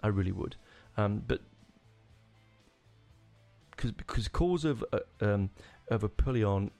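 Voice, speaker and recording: A man's voice: fairly low pitch, animated, slow, darkish tone, soft background music. A man hosting a podcast on his own, rambling enthusiastically with many restarts. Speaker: podcast host. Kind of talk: casual solo rambling.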